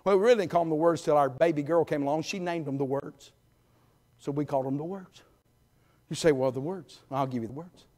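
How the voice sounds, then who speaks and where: A middle-aged man preaching a sermon in a church, folksy and emphatic, swinging between loud calls and quiet asides. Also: on the high side, a little fast. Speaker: guest preacher. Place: church sanctuary.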